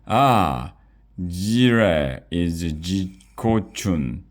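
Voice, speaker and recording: A man reading aloud, voicing an excitable, flustered male chef in a children's story. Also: deep voice, very slow, voice pushed up, full character voice.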